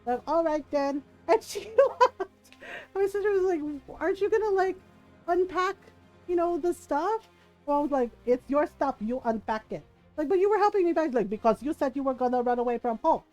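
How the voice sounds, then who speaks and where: A woman's voice: high-pitched, moderate pace, darkish tone, soft background music. A woman streamer casually telling a family story while gaming, laughing often and acting out her relatives. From Filipino family. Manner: chatty, laughs often, quotes family in voices.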